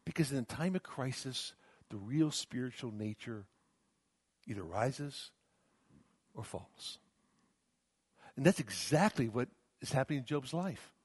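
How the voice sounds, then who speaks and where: A man's voice: mid-range voice, expressive, measured pace, pauses often, breathy edge, no echo, clean studio sound. A middle-aged male pastor preaching a sermon, swinging from emphatic rises to near-whispers, often restarting his words. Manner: repeats words and restarts mid-phrase.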